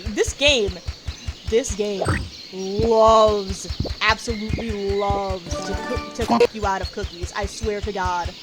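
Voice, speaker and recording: A woman's voice: mid-range voice, slow pace. A woman hosting a let's play, giving casual, rambling commentary and playfully trash-talking the game's enemies. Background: loud game music.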